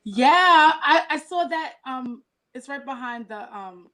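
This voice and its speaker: A woman's voice: high-pitched, animated, takes it slowly, sharp tone. A woman being interviewed as a singer and poet, talking casually and filling her speech with "like". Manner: chatty, filler-heavy with frequent "like".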